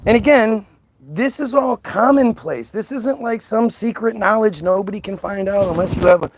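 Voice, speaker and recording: Ranting man, slightly high voice. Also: normal speed. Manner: ranting, agitated; repeats and restarts words. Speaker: commentator. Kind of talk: unscripted monologue.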